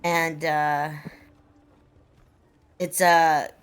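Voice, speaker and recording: A woman's voice: sits low, level tone, drawn-out words, a little hiss or hum. A woman playing a tabletop game with a dry, wry manner who stammers when unsure. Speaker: player. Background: faint background music.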